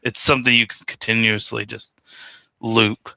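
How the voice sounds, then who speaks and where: A man chatting casually about films as co-host, relaxed and drawling, chuckling a lot. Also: lowish voice, normal speed, gravelly, dry recording, low-quality recording. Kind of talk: casual stoner chat.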